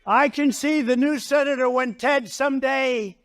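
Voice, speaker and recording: A man's voice: very high-pitched, steady tone, moderate pace, a bit bright, no echo, studio quality. An older man giving a campaign rally speech, rambling and repeating himself with boastful asides. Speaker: political candidate. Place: political rally stage.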